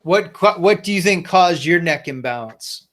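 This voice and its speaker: Calm man hosting a chat. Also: a little high, moderate pace. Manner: calm, brief questions and agreeing replies. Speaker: podcast host, martial arts instructor. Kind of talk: casual interview.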